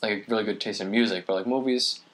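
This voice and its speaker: A man chatting casually as a podcast co-host, telling stories in a relaxed, rambling way. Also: on the low side, quick pace. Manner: rambling, relaxed storyteller with fillers. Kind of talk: casual chat.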